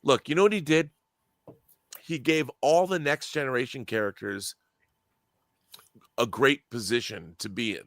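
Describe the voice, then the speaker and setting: Man, podcast co-host, ranting, swears a lot, bright edgy voice, dry sound. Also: medium pitch, measured pace, pauses often, no echo. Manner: emphatic and ranting, swears freely, stumbles and restarts. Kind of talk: casual opinionated chat.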